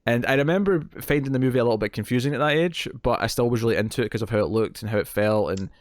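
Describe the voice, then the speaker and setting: A man in his thirties co-hosts a casual film discussion, talking rapid-fire at a medium pitch. He rambles and cracks self-deprecating jokes, and the recording is studio quality with no echo.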